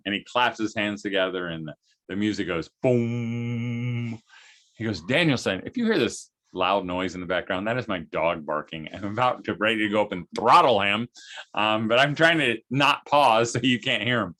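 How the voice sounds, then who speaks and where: A middle-aged man giving a casual, animated talk on parenting, acting out quotes from his family in high voices. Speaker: speaker on parenting.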